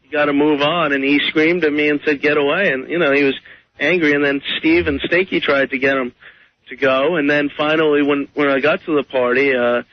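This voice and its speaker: A man's voice: on the high side, steady tone, brisk, dry recording. A man who works at the station giving a sincere, serious account on air. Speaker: station staffer. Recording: dry lo-fi radio broadcast.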